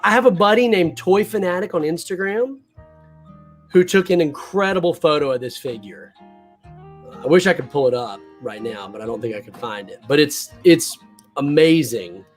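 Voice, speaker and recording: A man's voice: on the high side, expressive, moderate pace, faint music behind. A man hosting a casual live toy unboxing stream, enthusiastic and laid-back.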